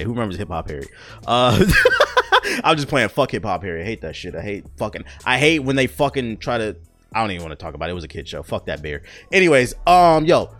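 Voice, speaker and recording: A man's voice: lowish voice, fairly bright tone. A man hosting a casual solo podcast, joking and ranting with lots of swearing and restarts. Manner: profane, joking, rambling with restarts. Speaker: podcast host.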